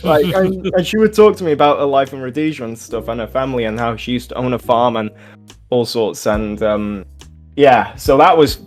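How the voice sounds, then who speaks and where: A man's voice: medium pitch, moderate pace, faint music behind. Young man telling rambling stories. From England. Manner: swearing, laughing, rambling anecdotes. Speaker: podcast co-host. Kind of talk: casual storytelling chat.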